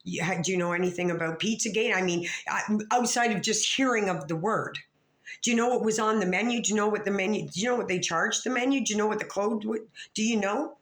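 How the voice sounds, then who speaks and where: A woman vlogger in a rambling, profane rant that calls out other creators. She stammers and restarts, and she swings from low mutters to sharp outbursts. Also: quick pace. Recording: echoey room.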